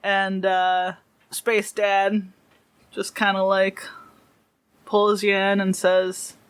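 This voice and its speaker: A woman running a tabletop game as game master, narrating in a rambling, animated way. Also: mid-range voice, drawn-out words, clear, resonant tone.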